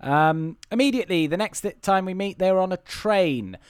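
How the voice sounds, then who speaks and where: A man's voice: sits high, expressive, moderate pace, smooth, no echo, clean studio sound. A man co-hosting a podcast, recapping a film in casual chat with wry, opinionated asides. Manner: wry and opinionated, with frequent restarts. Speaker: podcast co-host.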